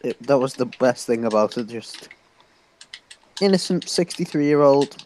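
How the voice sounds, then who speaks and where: A man's voice: medium pitch, expressive, measured pace, darkish tone, slight background noise, rough recording. Rambling teenage boy. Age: teens. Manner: rambling, many fillers, laughs often. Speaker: stream host. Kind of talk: casual chat with friends.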